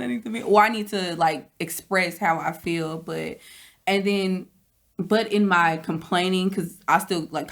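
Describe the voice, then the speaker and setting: A woman's voice: lowish voice, a bit bright. A woman co-hosting a podcast, chatting casually and reflectively about her week, laughing easily. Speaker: podcast co-host. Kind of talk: casual chat.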